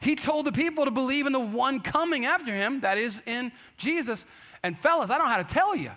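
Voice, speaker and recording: Man, pastor, sermon, high voice, bright tone, chatty, emphatic, acts out quotes. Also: a little fast. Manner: energetic, emphatic storytelling.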